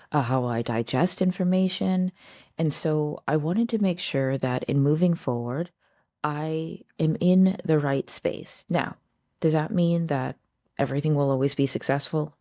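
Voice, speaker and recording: Speaking straight to camera as host, a woman reflects on personal matters in a chatty, casual way, often throwing rhetorical questions at her audience. Her voice is strikingly deep, warm, and mellow, recorded up close and dry without any echo or room sound.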